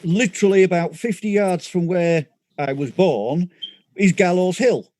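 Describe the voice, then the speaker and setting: Lancashire man, podcast co-host, dry wry storyteller, high-ish voice, dead-dry sound. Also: unhurried, dark tone, no room sound. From Lancashire, England. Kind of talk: casual chat.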